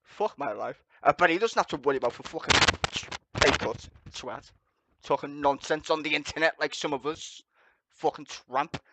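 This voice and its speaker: A man hosts a livestream, ranting with sarcasm, swearing constantly and laughing at his own jokes. His voice is on the high side and sharp, at normal speed, with a little hiss or hum in the audio.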